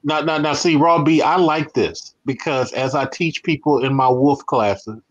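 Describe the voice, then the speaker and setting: A man giving casual reaction commentary with a slow, drawn-out delivery. His voice sits a little high for a man, and his tone is mocking. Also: steady tone, lo-fi sound.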